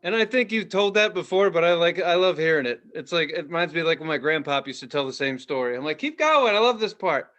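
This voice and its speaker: A man's voice: a little high, fast talker, hardly any pauses, fairly bright tone, lo-fi sound. A man co-hosting a casual podcast chat, riffing animatedly and acting out little voices. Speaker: podcast co-host.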